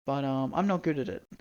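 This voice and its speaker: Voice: mid-range voice, mellow. Aussie streamer just chatting and rambling, laughs a lot, swears, kinda muffled lo-fi mic. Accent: Australian. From Australia. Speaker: live streamer. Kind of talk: casual live-stream chat.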